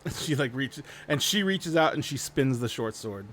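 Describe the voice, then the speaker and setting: A man's voice: medium pitch, animated, normal speed, fairly bright tone, a little hiss or hum. A man narrating a tabletop role-playing game as game master, telling the story in a loose, rambling way.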